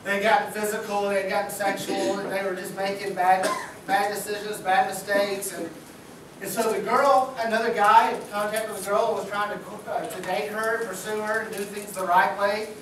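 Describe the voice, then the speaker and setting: Man preaching in a booming hall. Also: level tone, moderate pace, crowd noise. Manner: casual, joking, talks like a buddy. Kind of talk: sermon. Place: church sanctuary. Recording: echoey church hall from far off.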